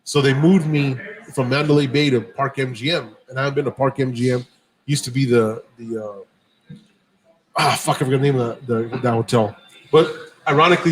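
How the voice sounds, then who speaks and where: A man's voice: medium pitch, a little hiss or hum, poor audio. A man hosting a podcast, telling a long profane story in a casual way and acting out the dialogue. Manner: profane, animated anecdote-telling with quoted dialogue. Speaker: podcast host.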